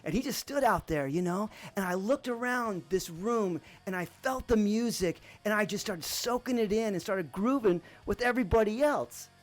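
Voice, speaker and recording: A man from Arizona hosting a podcast, telling a personal story in a relaxed, rambling way with lots of fillers. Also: sits high, moderate pace, hardly any pauses. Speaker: podcast host.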